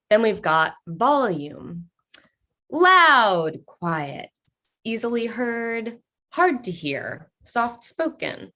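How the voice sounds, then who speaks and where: Upbeat woman running a video call workshop, lowish voice, takes her time, reads the chat out loud. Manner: playful and upbeat, reads chat answers aloud with laughs. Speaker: workshop leader. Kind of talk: online workshop teaching.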